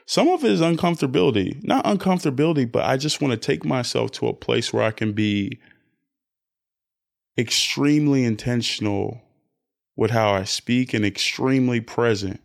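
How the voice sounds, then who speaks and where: A young man hosts his own podcast alone, talking in an animated, self-interrupting way. His mid-range voice carries a gravelly edge. He swings from loud bursts to hushed asides. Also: medium pitch, moderate pace. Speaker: podcast host. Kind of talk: solo podcast rant. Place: indoors, lying down recording at home.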